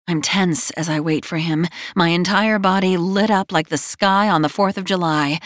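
A woman's voice: fairly low pitch, no room sound, clean studio sound. Wry woman narrating a romance audiobook. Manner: wry, breathless, self-mocking storytelling.

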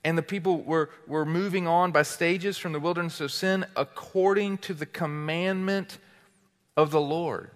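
A man's voice: a little high, fairly even intonation, normal speed, big-room sound. A man preaching a sermon as teaching pastor, building emphatic repeated phrases with passion.

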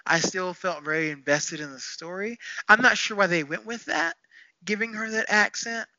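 A man with a strikingly bright, sharp voice talks through a TV show in an easy, animated podcast chat, laughing often. The sound is dry and close but a bit dull and lo-fi, and his voice sits slightly high. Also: normal speed, creaky, no echo. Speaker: podcast co-host. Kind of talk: casual TV review chat.

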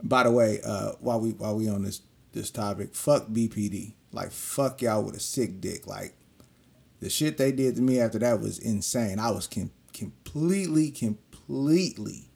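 A young man with a low, gravelly voice tells a long personal story in casual street slang. He curses freely and acts out the voices of the people in it. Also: steady tone, normal speed, darkish tone. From California.

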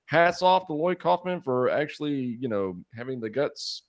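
A man in casual podcast talk with a mid-pitched voice that bounces all over the place. He is animated and laughs easily, and he trips over his words when he gets going. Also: moderate pace. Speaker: podcast co-host, composer. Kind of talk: casual chat about movies.

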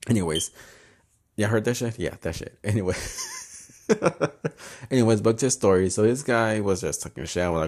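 Young man, twenties, low voice, profane, chatty podcast host, switching. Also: animated, normal speed, long pauses, a little mellow. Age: 20s. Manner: profane, chatty, switches between English and Spanish, laughs often. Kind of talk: casual storytelling monologue. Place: home.

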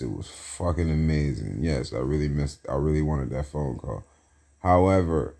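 A man's voice: rumbling low, moderate pace, dark tone. A young man hosting a solo podcast in a casual, rambling monologue, repeating phrases and chanting hype lines with slang. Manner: repetitive, hype chanting, self-talk with slang. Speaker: podcast host.

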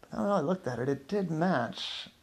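A man's voice: fairly high pitch, expressive, moderate pace, slightly rough. A man narrating an improvised detective story in a loose, hesitant way, correcting himself as he goes.

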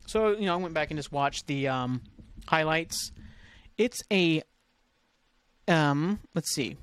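A man's voice: fairly high pitch, takes it slowly, smooth, dry recording. A man hosting a casual podcast, ranting in a frustrated, profane, rambling way. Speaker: podcast host. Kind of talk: casual solo podcast rant.

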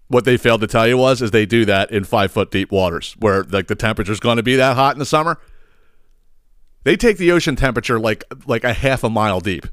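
A man's voice: mid-range voice, brisk, fairly bright tone, dry recording, clean studio sound. A man hosting a podcast, ranting comically in a profane, exasperated way. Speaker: podcast host. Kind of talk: comedic rant.

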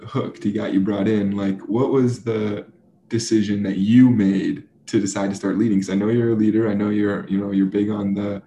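A man's voice: fairly low pitch, flat delivery, normal speed, warm tone. A young man hosting a casual interview, laughing easily and asking loose, rambling questions. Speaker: host. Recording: roomy echo, faint background hum.

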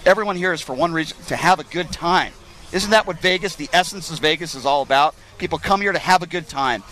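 A man's voice: on the high side, quick pace, fairly bright tone. A man hosting a live talk show from an outdoor pool, chatty and joking as he rambles on. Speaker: radio show host. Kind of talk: casual live broadcast chat. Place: outdoor pool at a Las Vegas club.

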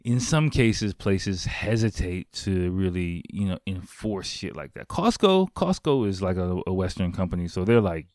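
A man's voice: sits low, moderate pace, hardly any pauses, a little mellow, dry recording, clean studio sound. A man in a casual vlog monologue, rambling and profane, full of fillers, living in Japan. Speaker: vlogger. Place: home in Japan.

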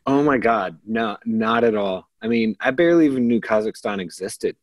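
A man's voice: on the low side, moderate pace, no room sound. An American man from Kansas, a podcast guest, talking casually and effusively with lots of filler words. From Kansas, United States. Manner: chatty and effusive, full of "like" and "oh my God". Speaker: podcast guest, class facilitator. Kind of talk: casual conversational interview.

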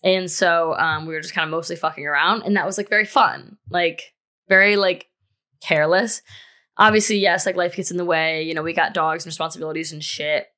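A woman's voice: lowish voice, steady tone, fairly quick, pushed and bright. A young woman in her twenties talking candidly as a podcast host about a breakup, in a casual monologue full of fillers and the odd swear word. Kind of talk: personal monologue.

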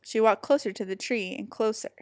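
A woman reading a children's picture book aloud in an expressive, animated way. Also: mid-range voice, brisk, no room sound, studio quality. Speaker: storybook reader.

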